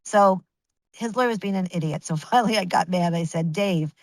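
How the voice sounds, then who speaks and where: A woman in her fifties telling her story as a guest in an interview, animated and chatty, restarting sentences and acting out what others said. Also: on the low side, brisk, dry recording, poor audio. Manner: animated, chatty, with many restarts and acted-out quotes.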